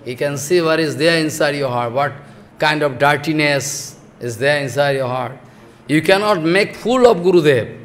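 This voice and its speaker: High-voiced man with preaching. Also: moderate pace. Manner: scolding, emphatic, mixes laughter and mock dialogue. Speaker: spiritual teacher. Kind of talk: sermon.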